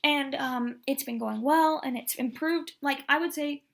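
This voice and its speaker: A woman's voice: sits high, a little slow, creaky. A young woman in her twenties telling a candid personal story on her vlog, rambling and saying "like" a lot. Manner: candid, rambling, heavy use of "like". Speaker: vlogger.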